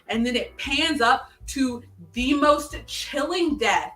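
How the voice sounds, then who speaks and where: A woman hosting a casual chat show, telling a long story in an animated way with many fillers and restarts. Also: high-pitched, slow pace. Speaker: podcast host. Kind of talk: casual chat, recapping a TV episode. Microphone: video call stream. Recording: echoey room, distant mic, faint music.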